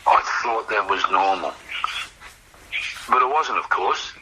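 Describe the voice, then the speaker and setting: Deep-voiced Australian man telling his story. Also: animated, a little slow, pushed and bright, a little hiss or hum, poor audio. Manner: rambling, repeats words, reflective. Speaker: guest sharing recovery story. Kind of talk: personal storytelling.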